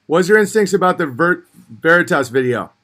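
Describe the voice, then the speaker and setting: A man hosting a casual livestream, reading viewer comments and answering in a blunt, profane, animated way that sometimes rises to shouting. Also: a little high, fairly quick.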